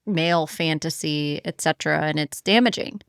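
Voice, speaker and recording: A woman's voice: low voice, moderate pace, gravelly, clear, resonant tone, dry recording, studio quality. A woman co-hosting a book podcast, chatting frankly and casually, swearing now and then. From Florida, US. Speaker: podcast co-host. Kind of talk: casual chat.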